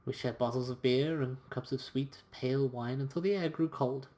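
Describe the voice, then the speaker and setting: A man's voice: mid-range voice, normal speed. Man casually reading a game story. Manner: relaxed, reading narration with occasional quoted voices. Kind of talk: casual let's-play commentary and reading aloud.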